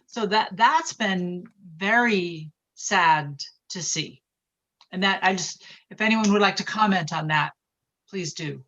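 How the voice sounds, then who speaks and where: A woman's voice: lowish voice, slow pace, a bit bright, lo-fi sound. A woman in her sixties speaking earnestly and reflectively in a group discussion. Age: 60s. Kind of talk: conversational discussion.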